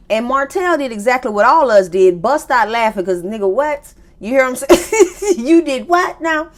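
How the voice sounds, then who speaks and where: A woman hosting a reality TV recap in loose, animated slang, with a voice pitched a little above most women's. She breaks into laughter often and keeps her commentary teasing and incredulous. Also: moderate pace. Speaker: recap show host.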